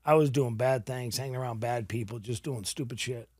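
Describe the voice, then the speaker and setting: A middle-aged man from New England, speaking, rattles through his story at a fast clip. He is animated and blunt, with frequent swearing and quoted lines from other people. The recording is close and dry. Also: mid-range voice, slightly rough, no echo. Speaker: guest telling his story. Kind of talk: casual storytelling interview.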